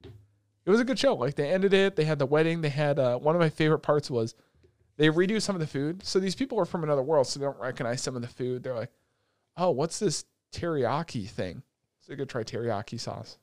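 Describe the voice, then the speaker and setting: A man's voice: fairly high pitch, fast talker, dry recording. Guy on a chill podcast hyping up a show, swears a lot, dry mic. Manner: animated retelling with swearing and laughs. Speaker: podcast co-host. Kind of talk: casual anime podcast chat.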